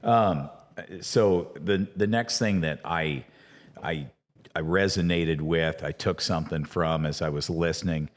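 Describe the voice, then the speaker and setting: A man's voice: deep voice, unhurried. A man hosting an interview podcast, asking long, rambling, searching questions. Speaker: podcast host. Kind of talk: conversational interview. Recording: long reverb, echoey room.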